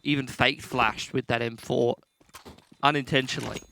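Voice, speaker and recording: Gravelly, bright-voiced male esports analyst. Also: mid-range voice, normal speed, dry recording. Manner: relaxed, analytical, joking. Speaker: color commentator. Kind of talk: esports commentary.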